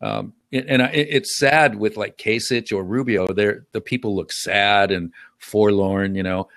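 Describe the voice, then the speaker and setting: A man on a casual political panel, talking earnestly but hesitantly, with many pauses and restarts. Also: lowish voice, steady tone, vocal fry, fairly bright tone, dry recording, clean studio sound.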